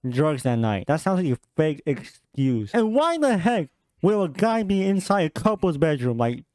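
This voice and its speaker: Animated man reacting in disbelief. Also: on the high side, normal speed, dry recording, studio quality. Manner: incredulous, exclamatory, stammers when shocked. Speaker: reaction video host. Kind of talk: casual reaction commentary.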